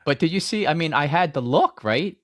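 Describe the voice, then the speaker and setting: A man co-hosting a movie podcast, chatting in an animated, joking, self-mocking way. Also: a little high, brisk, slight background noise. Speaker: podcast co-host. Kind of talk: casual movie podcast chat.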